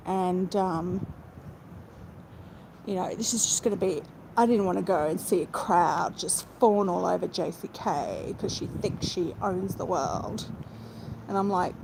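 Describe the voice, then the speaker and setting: A woman chatting with viewers on a live stream, rambling with quick asides. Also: mid-range voice, expressive. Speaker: vlogger. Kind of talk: casual live chat while travelling. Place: inside a moving car. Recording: road noise from the car. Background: vehicle noise.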